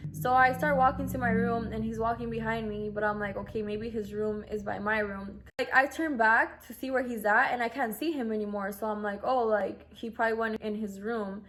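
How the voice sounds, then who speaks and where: A woman's voice: a little high, steady tone, normal speed, a bit bright. A young woman in her twenties, casually telling a personal story, full of "like" and acting out what others said. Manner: chatty, acts out quoted voices, lots of "like". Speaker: vlogger.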